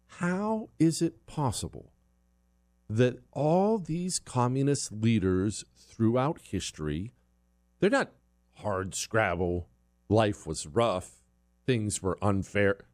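A man hosting a talk show, delivering an opinionated, sarcastic monologue with loud outbursts and muttered asides. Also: high-pitched.

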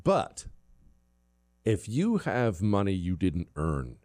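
A man hosting a talk show, delivering an opinionated, sarcastic monologue with loud outbursts and muttered asides. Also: low-pitched, huge pitch swings, takes it slowly.

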